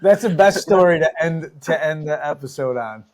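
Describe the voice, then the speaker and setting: A man's voice: fairly high pitch, lively intonation, normal speed, darkish tone. Easygoing podcast host man chiming in. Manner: easygoing, chiming in with short agreement. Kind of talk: casual chat.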